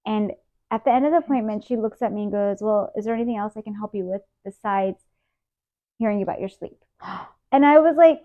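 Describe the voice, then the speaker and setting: A woman's voice: medium pitch, a little fast. Woman telling a candid story, tinny sound. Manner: emotional, animated retelling with quoted dialogue. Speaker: interview guest.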